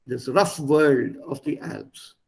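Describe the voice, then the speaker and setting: A man's voice: mid-range voice, fairly even intonation, takes it slowly, creaky, a little mellow, breathy edge. A man teaching a language, reading a text line by line and then translating and explaining it.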